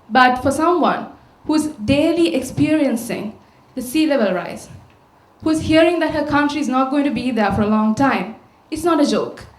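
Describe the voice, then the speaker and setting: Sri woman giving a talk. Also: high-pitched. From Sri Lanka. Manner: storytelling, posing rhetorical questions to the audience. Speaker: conference speaker. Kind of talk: public talk. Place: large auditorium. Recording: echoey auditorium sound.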